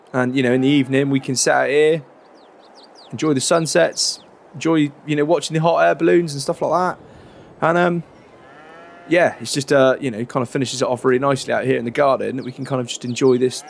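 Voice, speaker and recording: A man, chatting in a relaxed, rambling way during a farming game roleplay. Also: medium pitch, a little fast, gravelly, pauses often. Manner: relaxed, chatty, many fillers and restarts. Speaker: roleplay creator.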